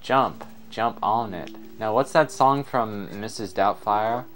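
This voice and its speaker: A man's voice: fairly low pitch, slow pace, a bit bright, faint music behind. Rambling young man playing a game. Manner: rambling, self-deprecating. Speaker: let's player. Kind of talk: casual gameplay commentary.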